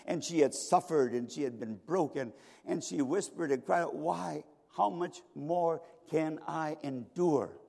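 A middle-aged male pastor preaching a sermon, telling a story dramatically with sharp swings between loud and soft. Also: a little high, vocal fry. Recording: reverberant hall.

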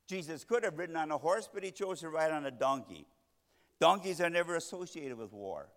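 A man preaching a sermon, swinging between loud emphatic lines and hushed soft ones. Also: medium pitch. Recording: long reverb of a large hall.

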